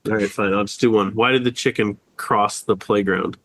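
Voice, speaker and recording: A man's voice: lowish voice, steady tone, fairly quick, a bit bright, dry recording. A man under the weather co-hosting a casual podcast, rambling through anecdotes, acting out quotes and laughing often. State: sick, just woke up. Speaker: podcast co-host. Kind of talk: casual chat.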